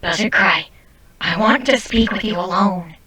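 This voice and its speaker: Brief: woman voicing a calm stern tomcat, low and firm. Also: moderate pace, slightly rough. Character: calm, stern male tomcat confronting others.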